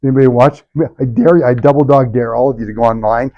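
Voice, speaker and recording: A man's voice: mid-range voice, steady tone, fast, highs cut off. A middle-aged man, a chiropractor, leading a live workshop with punchy talk, sarcastic asides and constant rhetorical questions.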